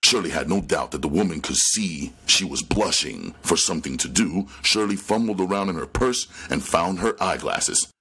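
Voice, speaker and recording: A man reading a crime novel aloud with expressive storytelling narration. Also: deep voice, moderate pace, hardly any pauses, slightly rough. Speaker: audiobook reader.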